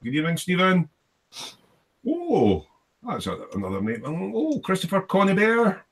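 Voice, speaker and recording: A man's voice: high-pitched, huge pitch swings, unhurried. Male host of a casual live stream, chatty, loose with fillers, greets each viewer.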